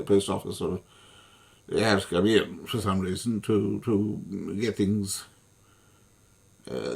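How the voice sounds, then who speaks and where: Furious, gravelly man ranting. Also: low-pitched, a little mellow. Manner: furious, swearing, repetitive. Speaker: online commentator. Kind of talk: angry ranting monologue.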